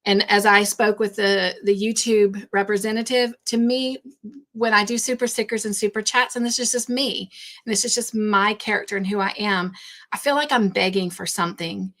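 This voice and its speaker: A woman's voice: medium pitch, fairly even intonation, normal speed, a bit bright. A woman hosting a craft livestream, chatting casually and rambling, repeating herself when nervous. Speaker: craft channel host.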